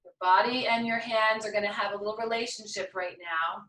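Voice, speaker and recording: A woman's voice: mid-range voice, fairly even intonation, a little fast, few pauses, fairly bright tone, roomy sound, far from the mic, rough recording. A woman teaching a yoga class, chatty and encouraging as she talks through each move. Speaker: yoga instructor. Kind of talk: guided yoga class instruction.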